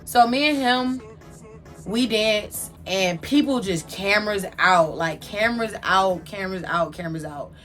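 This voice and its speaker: A young adult woman telling a casual storytime from her own life, animated, slangy and candid. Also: medium pitch, a little slow, faint music behind. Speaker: vlogger telling a personal story.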